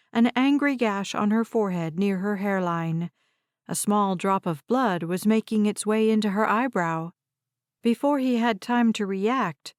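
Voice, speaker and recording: A woman narrating a novel in a measured, deliberate way. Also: mid-range voice, no room sound, clean studio sound. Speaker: audiobook narrator. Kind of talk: scripted narration.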